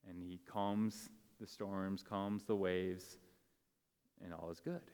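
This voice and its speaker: A man's voice: sits low, steady tone, slow, a little mellow, clean tone. A man preaching a sermon to a congregation in a casual, conversational way, with many fillers and restarts. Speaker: pastor. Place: church sanctuary. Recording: long hall reverb from a church sanctuary.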